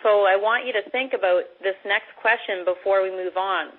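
A middle-aged woman from Canada giving a motivational talk as a guest speaker, loud, direct and upbeat. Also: medium pitch, normal speed, breathy edge. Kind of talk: motivational talk on a conference call. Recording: phone-line conference call.

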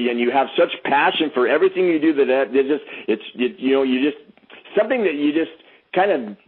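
A man's voice: medium pitch, slightly rough. A man hosting a conference call, introducing a guest with effusive praise and frequent restarts. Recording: phone-line conference call.

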